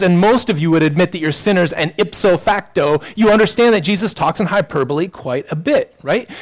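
Preaching man, somewhat high voice. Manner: earnest preaching, addresses listeners directly, rhetorical questions. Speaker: pastor. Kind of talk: sermon.

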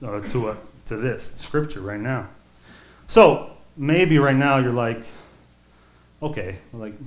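A man preaching a sermon in a loose, conversational way, full of restarts and rhetorical questions. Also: medium pitch. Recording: echoey room.

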